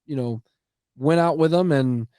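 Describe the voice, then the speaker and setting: Halting casual male podcast host. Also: on the high side, warm tone, clean tone, dry recording, clean studio sound. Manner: loose, halting questions with many fillers. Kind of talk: casual interview.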